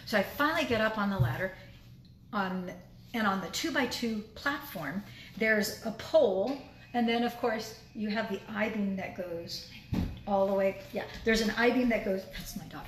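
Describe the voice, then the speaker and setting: A woman speaker telling a motivational story, animated, acting out her own inner voice as she goes. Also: mid-range voice, normal speed. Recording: echoey room with faint noise.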